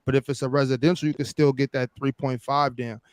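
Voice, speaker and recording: A man's voice: mid-range voice, fairly even intonation, fairly quick, dry recording, studio quality. A man in his thirties in a casual podcast chat, explaining step by step with many restarts.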